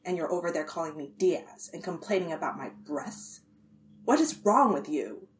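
A woman's voice: deep voice, fairly even intonation, brisk, a little mellow, a little hiss or hum, natural voice. A woman reading a story aloud, voicing a blunt, irritable tough woman who talks curtly. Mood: irritated. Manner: blunt, curt.

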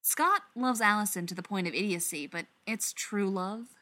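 A woman reading fiction aloud with wry, expressive storytelling. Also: mid-range voice, moderate pace. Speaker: reader.

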